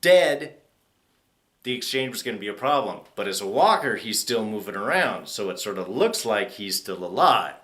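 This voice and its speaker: A man reviewing a TV episode in a casual spoken way, chatty and quick to act out characters' lines in mock voices. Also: lowish voice, lively intonation, sharp tone. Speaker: TV show reviewer.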